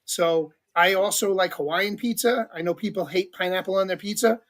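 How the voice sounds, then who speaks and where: A man with a notably high voice hosts a live-streamed talk show. He keeps things upbeat, thanking viewers and steering on to the next question. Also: moderate pace, fairly bright tone. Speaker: show host.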